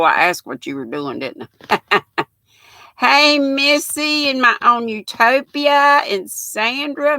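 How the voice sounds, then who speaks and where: A woman, hosting a relaxed live chat and greeting viewers by pet names. Her voice sits a little high and sounds bright and clear. She speaks slowly, and the recording is dry and close. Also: no room sound. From Southern United States. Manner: chatty, affectionate, calls viewers pet names. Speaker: live-stream host.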